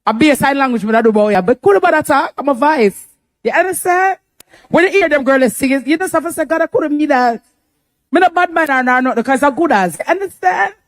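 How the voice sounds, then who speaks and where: Lively Jamaican woman hosting a telethon. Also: high-pitched, brisk. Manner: lively, patois-laced banter. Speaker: telethon host. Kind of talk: live fundraising hosting.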